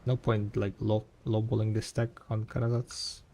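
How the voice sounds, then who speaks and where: A man's voice: lowish voice, little pitch movement, moderate pace, mellow, slight background noise. A man live-streaming a game, chatting casually and thinking aloud, rambling and correcting himself as he goes. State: tired, yawning. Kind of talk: casual live-stream chat while playing.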